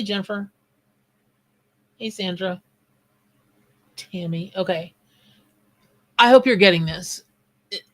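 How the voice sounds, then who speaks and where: A woman who reads tarot on a live stream. She chats in a loose, scattered way and breaks off mid-thought to greet viewers from the chat. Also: medium pitch. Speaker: tarot reader and psychic. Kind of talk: live-stream reading with chat shout-outs.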